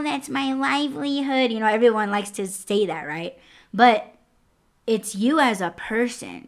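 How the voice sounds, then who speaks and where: Slow-talking candid woman podcaster. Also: mid-range voice. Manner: candid and profane, lively swings in loudness. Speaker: podcast host. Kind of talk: casual storytelling to listeners.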